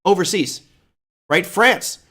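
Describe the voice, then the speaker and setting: A man hosts a live finance show with pointed, sarcastic commentary. His voice sits a bit high, and he leans hard on key words while working through his notes. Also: lively intonation, slow, a bit bright. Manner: sarcastic, emphatic, reads along from notes. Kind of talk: opinionated market commentary.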